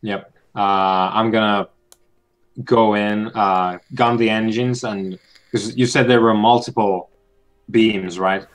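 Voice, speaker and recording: Slow, hesitant man playing a tabletop game. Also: on the low side, fairly even intonation. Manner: unhurried, hesitant, many fillers. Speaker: player. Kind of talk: casual tabletop play.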